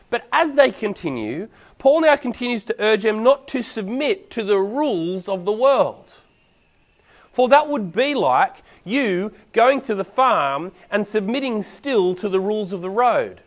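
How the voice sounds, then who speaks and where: A man preaching a sermon in a casual, animated storytelling way. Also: high voice.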